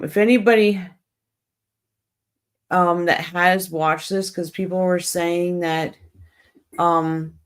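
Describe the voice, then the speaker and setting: A woman hosting a casual livestream, rambling in a friendly way and talking straight to her viewers. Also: on the low side. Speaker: livestream host.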